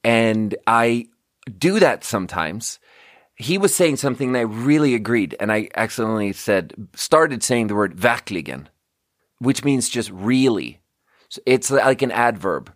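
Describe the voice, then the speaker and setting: A man's voice: mid-range voice, big pitch swings, measured pace, no room sound. Rambling, swearing man on a dry close mic. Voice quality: swears a lot, laughs at own jokes. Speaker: podcast host. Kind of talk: casual rambling monologue. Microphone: close studio mic.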